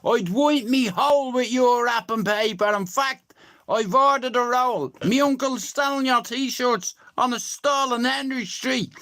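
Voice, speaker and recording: Man streaming live, profane mocking rants, drawn-out slow speech. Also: very high-pitched, sharp tone. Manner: crude, mocking, profane ranting.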